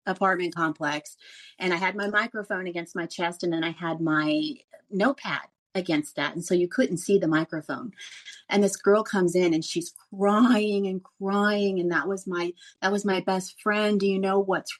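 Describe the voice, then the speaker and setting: Casting: middle-aged woman, lively storyteller with a lower voice. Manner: animated storyteller who laughs often. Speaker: guest, former radio news reporter. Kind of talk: casual interview storytelling.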